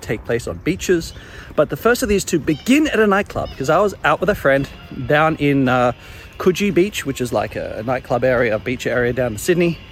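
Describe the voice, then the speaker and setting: A young man telling his own embarrassing stories in a casual, animated way, chuckling along as he goes. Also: a little high, slight background noise. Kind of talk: casual storytelling monologue.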